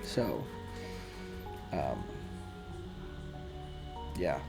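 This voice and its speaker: A man's voice: a bass voice, sing-song, drawn-out words, creaky, loud music behind the voice. A man giving casual, rambling, self-deprecating behind-the-scenes commentary on a game he developed.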